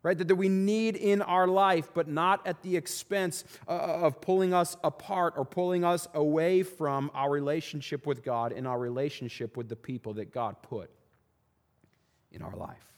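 A man's voice: fairly high pitch, fairly even intonation, normal speed. Preaching man in a reverberant hall. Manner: repeats words, asks rhetorical questions. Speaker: pastor. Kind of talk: sermon. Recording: long reverb of a large hall.

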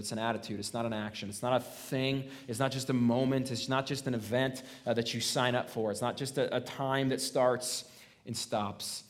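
A man's voice: mid-range voice, fairly even intonation, normal speed. A man preaching a sermon in a conversational way. He often asks "right?" and restarts his words, rising to stress a point. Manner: conversational preaching, frequent "right?" tag questions; restarts and stammered repeats, emphatic rises. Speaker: pastor.

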